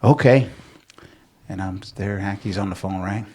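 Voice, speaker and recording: A middle-aged man from San Antonio, a podcast guest, telling animated stories in casual chat, acting out quotes and swearing freely. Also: fairly low pitch, a little slow. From San Antonio, Texas. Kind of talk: casual storytelling.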